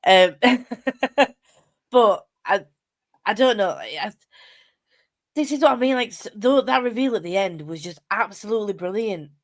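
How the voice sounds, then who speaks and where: A woman co-hosting a casual livestream book chat, speaking hesitantly with halting starts. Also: mid-range voice, expressive. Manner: hesitant, halting, laughs easily. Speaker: book podcast co-host.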